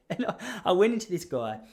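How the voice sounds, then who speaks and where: This Australian podcast host has a high-pitched voice with a darkish tone. He tells a meandering, self-mocking story as a casual storytelling monologue and keeps breaking into laughter.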